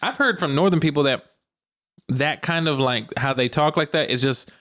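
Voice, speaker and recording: A man's voice: on the high side, normal speed, a bit bright. Laid-back young man chatting. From Arkansas. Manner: laid-back, slangy, laughs often. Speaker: podcast co-host. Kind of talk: casual chat.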